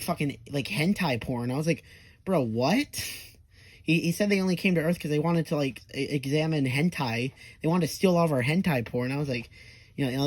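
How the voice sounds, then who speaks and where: A man's voice: fairly high pitch, no echo. A young man telling an absurd comedic story, rambling, with lots of fillers and swearing. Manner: absurd tall tale told half-seriously.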